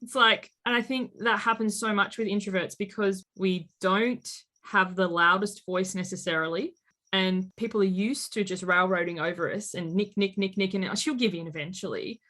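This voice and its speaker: Animated woman in her late thirties. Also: medium pitch, moderate pace. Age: late 30s. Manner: animated storyteller, acts out quotes. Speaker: guest life coach. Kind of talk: conversational interview.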